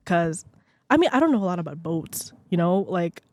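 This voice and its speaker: A woman's voice: normal speed, no room sound. A young woman hosting her own podcast, rambling and self-deprecating in casual chat, filling every sentence with "like" and drifting off the microphone now and then. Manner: lively swings in pitch and loudness. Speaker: podcast host. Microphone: podcast microphone, sometimes speaking away from it.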